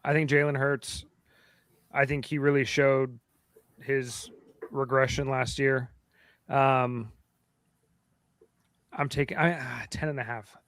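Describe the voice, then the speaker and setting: A man's voice: mid-range voice, steady tone, slow, long pauses, fairly bright tone, no echo. Skeptical male co-host, blunt delivery, dry recording. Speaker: podcast co-host. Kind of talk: casual sports chat.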